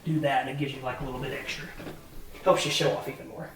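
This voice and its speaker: A woman's voice: rumbling low, fairly even intonation, quick pace. A woman with a Southern American accent directing a boudoir photo shoot, coaching poses in an upbeat, chatty way with lots of fillers. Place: indoor photo studio, roomy. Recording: echoey room, mic far off, faint music.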